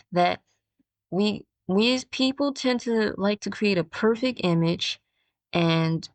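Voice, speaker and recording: A woman's voice: medium pitch, no echo. A woman hosting her own podcast, talking through her thoughts in a reflective monologue and often stopping to search for words. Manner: thinks out loud, halting and searching for words. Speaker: podcast host.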